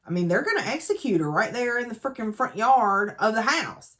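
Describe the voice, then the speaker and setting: A woman's voice: on the high side, sing-song, a little fast, fairly bright tone. A woman gives a casual, chatty book recap full of dramatic asides. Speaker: book reviewer.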